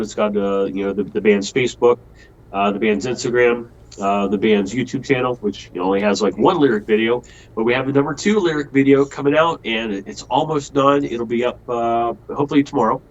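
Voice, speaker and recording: A man's voice: medium pitch, highs cut off. A man who plays in a band, answering interview questions hesitantly with lots of ums and uhs. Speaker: band musician guest.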